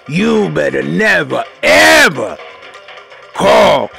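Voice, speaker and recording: Gravelly dude yelling and cussing at his viewers, bright edgy voice, music going behind. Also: fairly high pitch, sing-song, a little slow. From Puerto Rico. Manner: profane, shouting, confrontational. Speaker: channel host. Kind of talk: angry rant to viewers.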